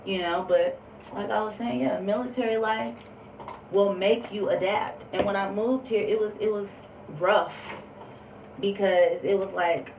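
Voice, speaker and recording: A woman's voice: medium pitch, steady tone, unhurried, a little mellow. A woman telling a personal story on a vlog, candid and emphatic, with lots of fillers. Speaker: vlogger. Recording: roomy echo, distant mic, faint background noise.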